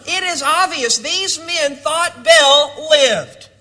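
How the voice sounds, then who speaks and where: A man preaching a sermon, building to dramatic shouts and then dropping low. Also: slow pace.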